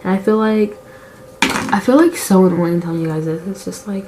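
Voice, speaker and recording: A woman's voice: medium pitch, fairly even intonation, normal speed, background noise. A girl in her late teens chatting casually while doing her makeup, rambling and confessional, with lots of "like" fillers. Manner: candid and emotional about her feelings. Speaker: beauty vlogger.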